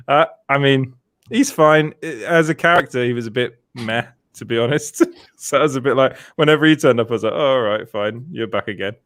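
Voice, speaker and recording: Man, live-stream co-host, frequent laughter, restarts, dry mic, mid pitch. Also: brisk, fairly bright tone, no echo. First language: French. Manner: laughs often, restarts, reads chat aloud. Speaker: podcast co-host. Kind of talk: casual live-stream chat.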